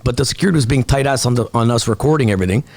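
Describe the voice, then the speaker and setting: A man who is a comedian, telling stories as a guest in a casual podcast chat, animated and profane. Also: mid-range voice, rapid-fire. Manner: animated storytelling, frequent swearing.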